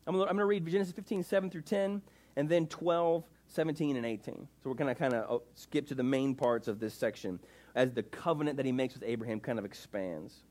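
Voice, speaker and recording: A man's voice: medium pitch, quick pace, a little mellow. A man preaching a sermon in a casual, emphatic way, full of rhetorical questions. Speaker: pastor.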